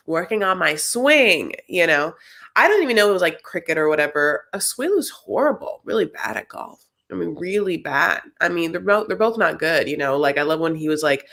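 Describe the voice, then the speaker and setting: Woman, lowish pitch, gossipy, chatty, casual recap talk. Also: fairly bright tone. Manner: chatty, gossipy, calls people honey. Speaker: co-host of a reality TV recap show. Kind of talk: casual chat.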